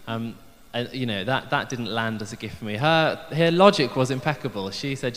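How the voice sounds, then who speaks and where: A man's voice: medium pitch, moderate pace, hardly any pauses, a bit bright. A man giving a light-hearted church sermon, chatty and self-deprecating, with frequent ums. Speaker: preacher. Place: church hall. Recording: long hall reverb.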